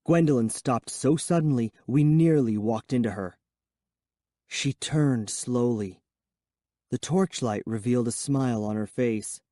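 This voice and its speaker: Slow, mellow male audiobook narrator. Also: medium pitch, no room sound, clean studio sound. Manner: measured, suspenseful reading. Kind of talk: first-person scripted narration of a children's horror book.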